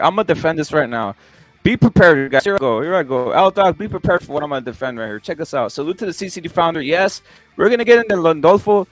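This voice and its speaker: A young man co-hosting a casual boxing podcast, talking loud and animated with crude banter and many restarts. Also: a little high, dry recording. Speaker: podcast co-host.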